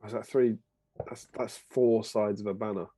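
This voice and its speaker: A man's voice: on the low side, fairly even intonation, moderate pace, mellow. A man co-hosting a hobby stream, chatting casually with playful, self-deprecating banter. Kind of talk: casual chat.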